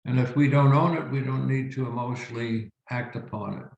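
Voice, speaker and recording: A reverend speaks in a gravelly, fry-edged voice, teaching slowly and reflectively with deliberate pauses. His voice sits in a roomy space, and the recording sounds dull and lo-fi. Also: mid-range voice, steady tone. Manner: slow, reflective storytelling with emphatic pauses. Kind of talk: spiritual teaching talk.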